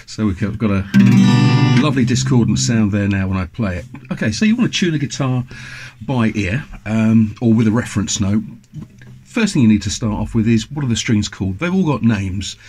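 A man's voice: fairly low pitch, lively intonation, moderate pace, darkish tone, low-quality recording. A man in his fifties from the UK giving a chatty, enthusiastic guitar lesson to camera, with lots of ums and asides. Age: 50s. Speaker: guitar teacher. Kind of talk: casual instructional talk to camera.

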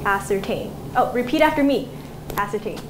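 A teenage girl gives a student presentation to her classmates, her fairly high voice at a measured pace. She instructs them through a set of words and leads repeat-after-me drills. The classroom recording is echoey and noisy.

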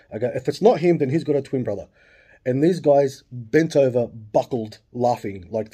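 A man's voice: medium pitch, dark tone, slightly rough. A man in his late forties with an Australian accent, telling a long story casually, swearing freely and full of asides.

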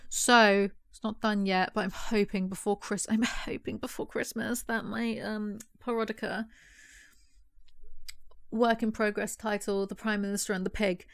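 A woman's voice: mid-range voice, a bit bright, dry recording, clean studio sound. A woman doing a casual book review, reading passages aloud and breaking in with sarcastic, mocking asides.

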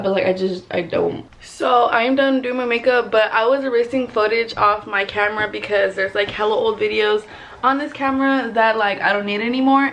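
A young beauty vlogger chats bluntly while doing her makeup in her bedroom, filmed by a camera, in a casual get-ready-with-me chat. She swears a lot and says "like" constantly. Her medium-pitched voice has vocal fry, and the recording is low quality.

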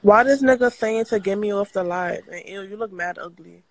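A young woman with a husky edge to her voice, talking bluntly and defiantly on a livestream. Her words come fast and cutting. The sound is close and dry. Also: mid-range voice, no echo, poor audio. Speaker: livestream guest. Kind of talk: livestream argument.

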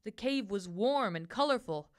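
A woman reading a children's picture book aloud, with gentle, expressive storytelling. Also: mid-range voice, moderate pace.

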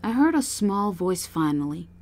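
A woman narrating a first-person horror story, calm and soothing when she speaks as the dispatcher. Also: fairly low pitch, normal speed, a little hiss or hum. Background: faint music.

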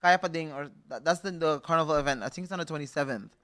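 A man chats animatedly on a casual podcast, playful and quick to laugh. His voice sits high and sounds bright. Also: dry recording, clean studio sound. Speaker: podcast co-host.

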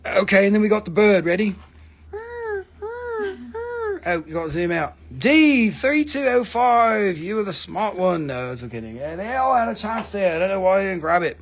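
A man's voice: sits high, animated, fast talker, few pauses. A man hosting a live mineral sale, chatting casually with lots of swearing and rambling jokes. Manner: profane, rambling, joking. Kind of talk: casual live-stream selling chat.

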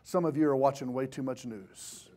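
A man preaching a sermon in a church, swinging from impassioned shouting to hushed tones. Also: mid-range voice, normal speed. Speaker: pastor.

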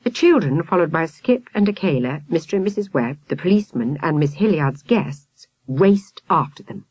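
A woman reading a children's storybook aloud in a lively, expressive way. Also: low-pitched, normal speed, husky, no room sound. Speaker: audiobook reader.

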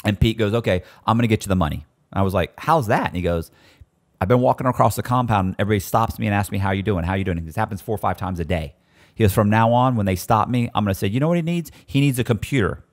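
A man's voice: lowish voice, fast. A man casually telling prison stories, acting out the voices of the people in them. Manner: animated, acts out quoted voices. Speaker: storyteller guest. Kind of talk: casual storytelling.

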